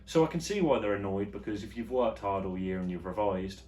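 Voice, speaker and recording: A man hosting his own vlog show, chatting casually and jokily about the news, his voice jumping between loud and quiet. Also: lowish voice, expressive, fairly quick, slight background noise. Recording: echoey room with faint ambience.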